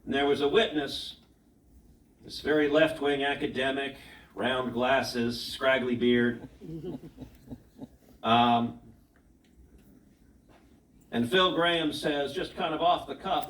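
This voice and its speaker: A man's voice: medium pitch, slow, long pauses, fairly bright tone. A man, a senator, giving an emphatic public keynote speech with rhetorical questions and anecdotes, heard in a large hall. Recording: echoey hall, voice from far off, faint noise.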